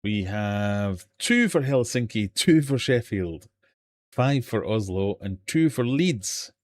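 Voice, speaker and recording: Male quiz host, slightly low voice, jokey and self-deprecating, live stream from home. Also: expressive, slow pace. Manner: jokey, self-mocking quizmaster. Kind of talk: live quiz hosting chat. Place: home fish room.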